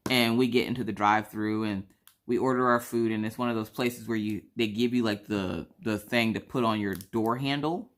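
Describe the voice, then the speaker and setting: Casually chatting at normal speed, a craft vlogger tells a story in an extremely low-pitched voice. She's from South Carolina, has a mixed Southern accent, and animatedly acts out the other people in her tale.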